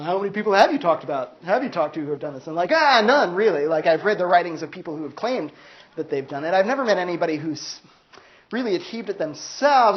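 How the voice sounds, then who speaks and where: A man's voice: high voice, dull audio. A male philosophy lecturer giving a casual, conversational class talk, often saying "like" and acting out quoted voices. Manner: conversational, peppers speech with "like", acts out quoted voices. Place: university classroom.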